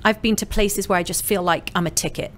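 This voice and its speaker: A woman from the UK whose British accent has softened, a salon owner chatting casually as a guest with a friendly, self-deprecating manner. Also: mid-range voice, fairly even intonation, brisk, slight background noise. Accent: British, softened by years in America. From United Kingdom. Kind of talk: casual interview chat.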